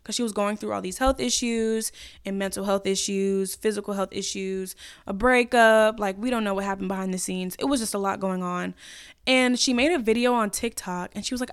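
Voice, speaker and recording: A woman's voice: medium pitch, steady tone, a little fast, clear, resonant tone. A young woman hosting a solo podcast, chatting casually and gushing, with some swearing. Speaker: podcast host.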